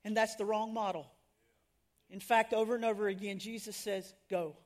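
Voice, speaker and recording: A middle-aged woman telling stories in a sermon to women, animated and laughing at herself, acting out the people she quotes. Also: medium pitch, normal speed. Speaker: women's ministry speaker.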